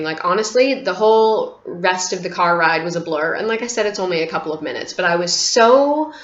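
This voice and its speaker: A woman vlogger telling a personal story to camera in a candid, rambling way, with many "like" fillers and free swearing. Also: fairly low pitch. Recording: roomy, dull lo-fi home recording.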